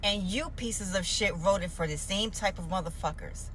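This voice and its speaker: A woman's voice: medium pitch, normal speed, fairly bright tone, a little hiss or hum, poor audio. Furious cursing woman ranting. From Puerto Rico. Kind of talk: angry rant to camera.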